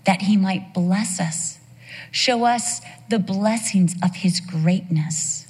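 A woman giving an emphatic, expressive Bible teaching to women, with lively storytelling. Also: mid-range voice, breathy edge, big-room sound.

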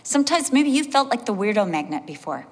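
A woman pastor preaching a sermon, telling animated personal stories and acting out the voices of the people in them. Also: on the high side, brisk. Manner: animated storyteller, acts out voices, laughs along. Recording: long hall reverb.

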